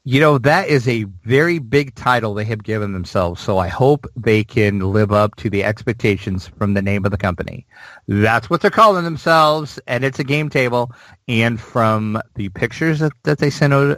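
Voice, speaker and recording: A man co-hosting a gaming news show, talking in a loose, rambling way full of "like" and "you know". His voice sits at an ordinary middle pitch. The sound is dry and close, with no room around it. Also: normal speed, fairly bright tone, no room sound, low-quality recording. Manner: chatty, rambling, lots of fillers. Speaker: podcast co-host. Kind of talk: casual news chat.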